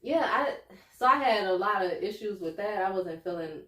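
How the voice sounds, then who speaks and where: A young woman co-hosting a podcast, talking candidly and earnestly about her own life, getting animated and laughing as she tells stories. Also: medium pitch, normal speed, recorded from a distance. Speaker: podcast co-host. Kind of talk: candid casual chat. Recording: echoey room, a bit off-mic.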